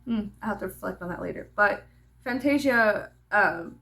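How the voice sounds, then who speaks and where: A woman vlogger chatting casually, telling an animated, profane story with laughing asides. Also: mid-range voice, moderate pace, gravelly.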